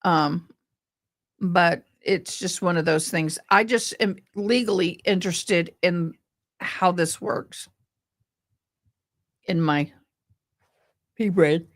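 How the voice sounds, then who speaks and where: A tired, grieving woman hosting a casual livestream chat, talking slowly with frequent pauses and ums. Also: on the low side. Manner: slow, meandering, with frequent ums. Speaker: livestream host.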